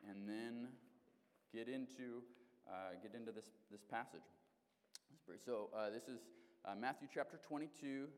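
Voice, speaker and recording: Alaskan guy preaching, chatty and animated, mid pitch, lots of restarts, echo of a big church room. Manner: conversational and animated, with frequent restarts and fillers. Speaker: pastor. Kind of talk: sermon. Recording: long hall reverb.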